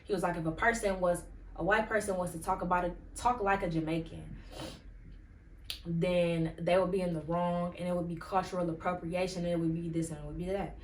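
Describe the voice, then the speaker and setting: Her voice on the low side, level in tone and brisk, a woman gives casual solo commentary on her podcast. She rambles chattily with plenty of "like" and "um," recorded distant from the mic in an echoey room with slight hiss or hum.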